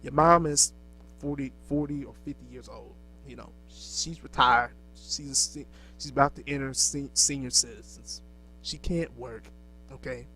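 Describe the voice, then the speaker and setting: A man's voice: medium pitch, steady tone, moderate pace, pushed and bright, soft background music, poor audio. A man lecturing in a preachy monologue, asking rhetorical questions and answering them himself, with many fillers and restarts. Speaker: speaker lecturing young black men.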